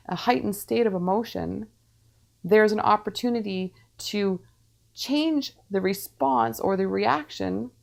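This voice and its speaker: As a medium, a woman shares channeled spiritual teaching with measured calm, pausing quietly and repeating what she says. She speaks at medium pitch with vocal fry.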